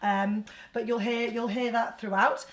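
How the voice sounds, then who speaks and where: A woman's voice: fairly high pitch, level tone, unhurried. A woman with an English accent leading an online choir lesson, explaining each part in a chatty, teaching way. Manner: chatty teaching, breaks into singing phrases. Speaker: choir leader. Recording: roomy sound over backing music.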